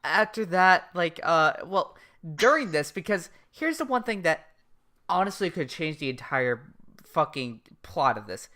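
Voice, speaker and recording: A young woman with a lowish, bright voice that swings widely in pitch, recapping episodes on a casual podcast. She swears freely and delivers the plot with deadpan humor. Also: a little slow. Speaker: podcast co-host. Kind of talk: casual anime recap chat.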